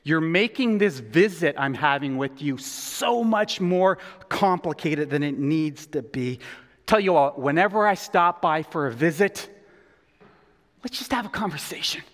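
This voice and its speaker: A man voicing a calm, patient male teacher who speaks softly and reassuringly. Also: a little high, measured pace, long reverb tail. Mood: gentle. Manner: soft, gentle and reassuring.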